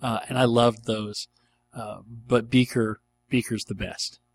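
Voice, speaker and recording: A man's voice: mid-range voice, steady tone, slow, a little hiss or hum. A middle-aged man hosting a casual question-and-answer show, rambling and enthusiastic, with many ums and uhs. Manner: rambling and enthusiastic, with frequent fillers. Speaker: podcast host answering listener questions. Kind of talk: casual chat.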